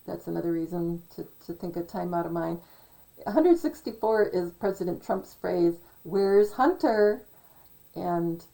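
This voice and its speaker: Slow, gravelly-voiced rambling woman. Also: mid-range voice, warm tone, rough recording. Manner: slow, meandering, musing aloud with frequent fillers. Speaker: video commentator. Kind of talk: casual rambling monologue.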